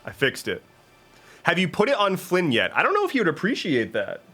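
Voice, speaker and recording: A man's voice: sits high, huge pitch swings, fairly quick, bright, forceful tone, breathy edge. A man streaming live, chatting casually with a playful, rambling, jokey manner.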